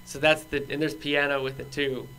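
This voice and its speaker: A man's voice: fairly high pitch, flat delivery, moderate pace, very noisy. A man in casual chat as a guest musician, offhand and laid-back.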